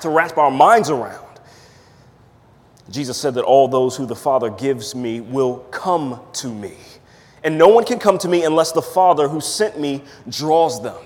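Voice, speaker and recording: A man preaching a sermon as pastor, emphatic, firing rhetorical questions and swinging between loud and hushed delivery. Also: a little high. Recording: long hall reverb.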